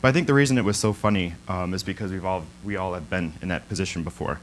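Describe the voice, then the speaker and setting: A man's voice: sits low, fast, slight background noise, rough recording. A young man speaking as a guest at a church, telling a story in an informal sermon, with lots of ums and frequent laughs. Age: young adult. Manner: chatty, many ums, laughs often.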